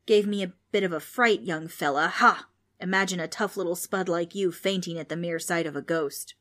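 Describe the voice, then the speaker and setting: A woman's voice: fairly low pitch, moderate pace, a bit bright, natural voice. A woman voicing a brash, boastful ghost with a folksy, mocking way of talking. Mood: smug.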